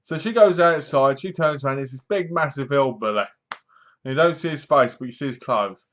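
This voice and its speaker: A man's voice: medium pitch, a little fast, a bit bright. A man giving a sarcastic, casual spoken review, often acting out lines in funny voices. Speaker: film reviewer. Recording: dull lo-fi sound.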